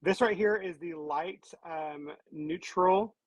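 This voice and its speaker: Husky-voiced upbeat woman hosting a live stream. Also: fairly low pitch, slow pace, dry recording. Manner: upbeat, speaks to viewers as "guys". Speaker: host. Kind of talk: casual live-stream chat.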